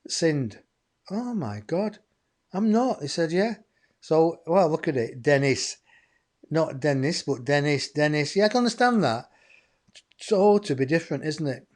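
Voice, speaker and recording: A man's voice: a little high, sing-song, normal speed, darkish tone. A man hosting a live psychic medium show, rambling and chatty as he talks to his viewers. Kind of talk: live-streamed channeling show.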